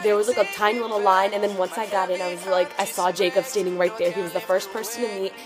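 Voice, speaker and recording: Excited teen girl vlogging, says "like" constantly, music playing behind her. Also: medium pitch, fast. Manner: gushing, excitable, filler-heavy "like" talk. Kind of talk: casual storytelling vlog. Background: background music.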